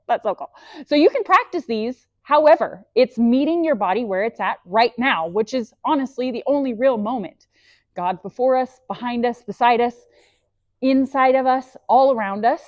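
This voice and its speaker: Upbeat woman coaching slow breathing. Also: fairly high pitch, dry recording, lo-fi sound. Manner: enthusiastic, encouraging, faith-based coaching. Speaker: breathwork instructor. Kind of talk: guided breathing lesson. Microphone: clip-on microphone.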